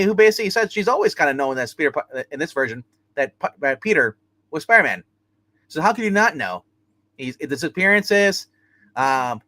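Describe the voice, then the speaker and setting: A man's voice: fairly high pitch, sharp tone, no room sound. A man reviewing comic books in a casual, rambling way, retelling each plot with many restarts.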